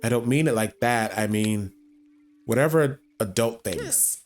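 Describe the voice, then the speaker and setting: A man's voice: medium pitch, measured pace. A man streaming a story game, reading the characters' lines aloud with short asides of his own. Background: faint game music.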